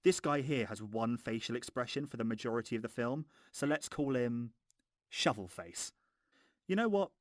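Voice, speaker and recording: A man's voice: mid-range voice, lively intonation, moderate pace, no room sound, studio quality. Posh English man reviewing films, sarcastic. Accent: English Home Counties, posh. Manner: sarcastic, swears. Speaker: film reviewer. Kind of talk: scripted film review narration.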